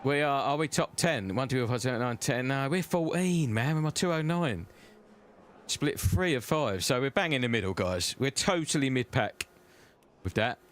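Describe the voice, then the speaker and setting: A man streaming a sim racing game live, chatting and joking with his viewers as he drives, his voice close and loud on his own desk mic. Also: mid-range voice, lively intonation, normal speed. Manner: chatty, banters with chat, cheeky. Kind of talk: live-stream gameplay commentary.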